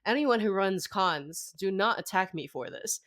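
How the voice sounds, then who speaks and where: Bright-voiced young woman gushing excitedly. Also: mid-range voice, measured pace. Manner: excited, gushing storytelling full of "like". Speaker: podcast guest. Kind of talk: casual chat.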